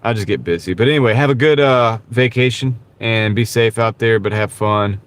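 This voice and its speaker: A man's voice: lowish voice, normal speed, a bit bright. Laid-back man chatting from his car. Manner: laid-back and rambling, says "dude" often. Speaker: live-stream host. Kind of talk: casual live-stream chat, answering viewers. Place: in a car while gig driving. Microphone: wireless clip-on mic.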